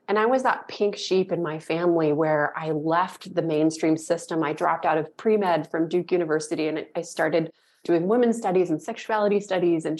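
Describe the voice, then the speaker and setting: A woman telling a personal story as a podcast guest, animated and emotional, rambling and jumping into dramatic quoted voices. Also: lowish voice. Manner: emotional and effusive. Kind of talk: casual interview storytelling.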